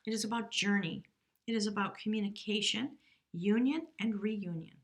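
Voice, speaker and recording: A woman tarot reader giving a spiritual reading, earnest and emotive, sometimes dropping to soft whispers. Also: medium pitch, normal speed.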